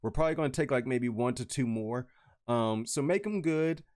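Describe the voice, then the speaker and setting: A man co-hosting a stream, reading out viewer questions in relaxed, chatty talk. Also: mid-range voice, moderate pace. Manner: lively, chatty, relaxed, with fillers. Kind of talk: casual chat.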